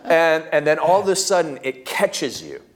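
A man talking as a podcast guest, telling stories in a lively way and acting out what he and others said. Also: a little high, moderate pace. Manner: animated, acts out his own quotes and screams. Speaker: podcast guest, entrepreneurship coach. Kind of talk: casual interview storytelling.

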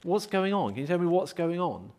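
A man's voice: sits high, sing-song, brisk. A man voicing a desperate blind male beggar who keeps calling out and pleading. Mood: urgent asking. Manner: loud insistent calling, pleading.

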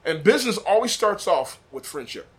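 Animated storyteller, a man with a fairly high voice. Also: normal speed, a little hiss or hum. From Des Moines, Iowa. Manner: animated storyteller, acts out quoted dialogue. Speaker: podcast guest, barbecue pitmaster. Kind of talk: casual storytelling. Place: room above a butcher shop.

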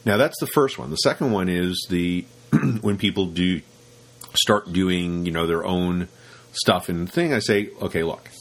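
A man's voice: deep voice, a little slow. A man hosting a casual podcast chat, rambling with many restarts and acting out what his students say. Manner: rambling, repeats words, acts out quoted students. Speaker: podcast host and rope teacher.

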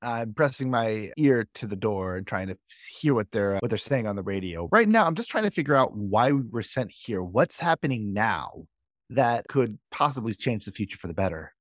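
A man's voice: fairly low pitch, big pitch swings, normal speed, no echo, studio quality. A man taking part as a player in a tabletop game, earnestly describing what his character does. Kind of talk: tabletop role-play.

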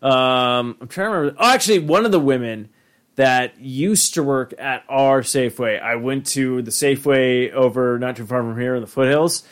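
A man's voice: medium pitch, moderate pace. A young man in casual chat, telling work stories with lots of swearing and quoted voices.

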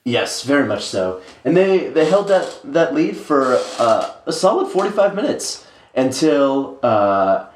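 A man's voice: mid-range voice, very animated, a little slow, a little hiss or hum. A man co-hosting a casual sports podcast, rambling with many filler sounds as he recaps matches. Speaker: podcast co-host. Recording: roomy echo.

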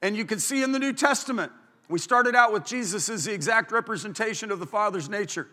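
A male pastor delivers an emphatic sermon in a high, bright voice. He stretches out key words to press them home. His voice rings with the long reverb of a large church hall. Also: fast. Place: church auditorium.

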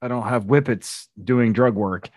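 Profane, animated man telling dog stories. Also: mid-range voice, a little slow, no room sound, clean studio sound. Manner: profane, animated storyteller who acts out conversations. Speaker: podcast host. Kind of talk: casual chat.

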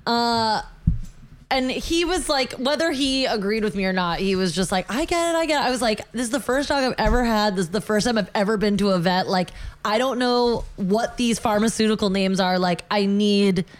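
A woman co-hosting a casual chat, telling a story in an animated way, acting out what people said and swearing freely. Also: medium pitch, moderate pace. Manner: animated, swearing, acts out quotes.

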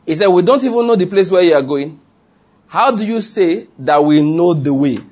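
A man preaching a sermon, reading scripture aloud and explaining it, slowing down to stress key phrases. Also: sits high, expressive, darkish tone.

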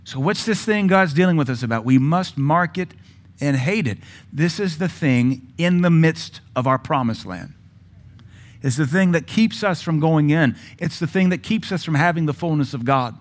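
A middle-aged male pastor preaching a sermon, with forceful rises in volume and sudden quiet drops. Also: fairly high pitch, lively intonation, normal speed.

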